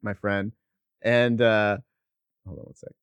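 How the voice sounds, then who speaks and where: A man co-hosting a podcast, telling stories in a casual, animated, profane way. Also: lowish voice, slow, clear, resonant tone, no echo. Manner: profane, animated storytelling with laughs. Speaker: podcast co-host. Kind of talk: casual chat, storytelling.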